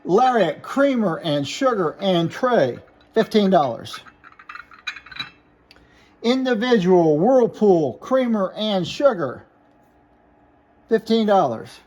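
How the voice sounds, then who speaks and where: A man with a high voice runs through glassware for sale, one piece at a time. He names each item, points out chips and repairs, and gives the price in a plain, matter-of-fact way. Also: big pitch swings, takes it slowly, long pauses, darkish tone. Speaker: glass seller. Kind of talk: product showcase sales talk.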